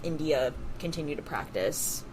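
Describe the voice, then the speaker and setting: A woman's voice: sits low, animated, normal speed, a little mellow, a little hiss or hum. A woman co-hosting a casual podcast, reading out history facts with many fillers and restarts. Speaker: podcast co-host. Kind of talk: casual chat.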